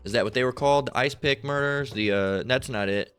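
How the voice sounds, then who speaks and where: A male preacher with a mid-pitched voice rambles through scripture and warnings, swearing freely. He keeps circling back with fillers and restarts, over faint background music. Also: a little fast, fairly bright tone, smooth. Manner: rambling, profane, many repeated fillers. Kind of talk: online sermon video.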